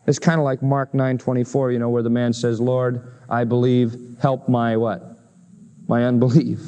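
A man preaching a sermon, earnestly explaining a Bible passage and rising to emphatic, lifted phrases on key points. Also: mellow. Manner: earnest, swings to high emphatic pitch on key lines.

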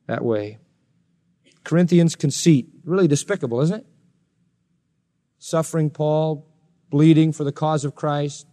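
A male pastor preaching an expository sermon, animated and jokey, slipping into mocking sarcastic voices. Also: a little high. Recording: long reverb of a large hall.

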